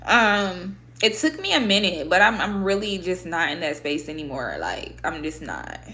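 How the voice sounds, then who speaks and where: A woman's voice: lowish voice, normal speed. A woman from Michigan, talking candidly and with plenty of swearing as she vlogs to camera. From Michigan, USA. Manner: candid, profane, expressive. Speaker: vlogger and podcaster. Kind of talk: casual talk to camera. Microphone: own microphone at a desk setup.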